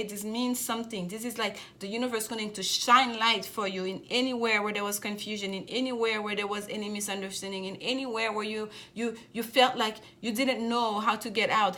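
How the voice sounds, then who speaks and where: A woman's voice: medium pitch, sharp tone. A woman giving a general tarot reading to camera as the host, talking effusively and repeating her phrases often. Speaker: tarot reader.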